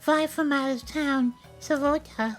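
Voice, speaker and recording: A man plays a flustered village woman whose orchard is ruined. She complains in a very high, shrill voice and sounds put upon. She could step out of a fantasy video game. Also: steady tone, measured pace, a bit bright, faint music behind. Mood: fretful.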